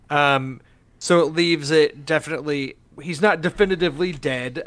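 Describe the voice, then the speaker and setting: Rambling, fairly high-voiced man. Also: fairly bright tone. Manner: rambling, halting. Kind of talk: casual podcast chat.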